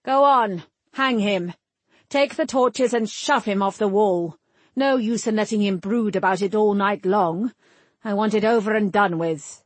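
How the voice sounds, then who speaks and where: A commanding male lord who snaps his orders, put on by a woman reading aloud. His voice is pitched higher than the narration, louder and more forceful, with a slightly husky edge and dry sound. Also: animated, unhurried, no echo. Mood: stern. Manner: snapping and stern.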